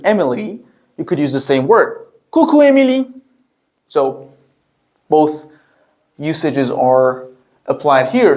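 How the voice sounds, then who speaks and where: A man teaching a beginner language lesson, explaining slowly with many fillers and restarts, and modeling phrases for learners to repeat. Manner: models phrases with a raised pitch for repetition. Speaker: French teacher.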